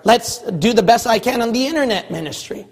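A man from California preaching a sermon as pastor of his church, hammering one phrase over and over and rising into shouts. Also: extremely high pitch, expressive, fairly quick, long reverb tail. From California, USA. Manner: forceful, repetitive exhorting, rising to shouts.

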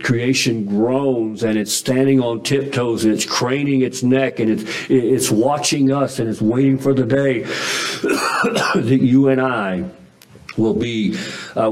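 A man's voice: medium pitch, a little mellow, poor audio. A man preaching a sermon in a folksy, emphatic way, with frequent restarts and chuckles. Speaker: pastor.

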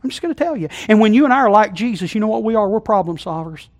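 High-voiced folksy preacher, loud to hushed. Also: male voice, animated, rapid-fire. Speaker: pastor. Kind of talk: sermon. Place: church sanctuary.

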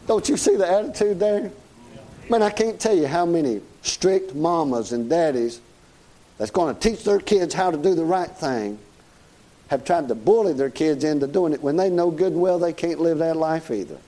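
A man's voice: fairly high pitch, animated, normal speed, mellow. A middle-aged man with a Southern US accent preaching a sermon in a folksy, joking way, chuckling as he goes. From Southern United States.

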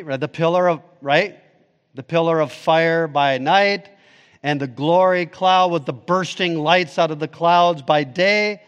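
A man's voice: a little high, in a large hall. A man pastor preaching a sermon emphatically, rising and falling in intensity.

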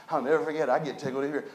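A man preaching a folksy storytelling sermon, animated and building to emphatic preaching. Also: a little high. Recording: echoey room.

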